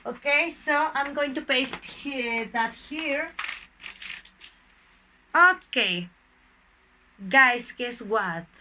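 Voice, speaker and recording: A woman teaching an English lesson to students, speaking slowly and stressing single words as she explains. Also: sits high, expressive, sharp tone, a little hiss or hum. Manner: keeps addressing the class as "guys". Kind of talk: recorded online English lesson.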